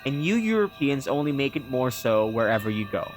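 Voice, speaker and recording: Man reading as a grating iron automaton guardian, lofty and calm, in a game, with faint music under it. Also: a little fast, natural voice. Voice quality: grating rumble.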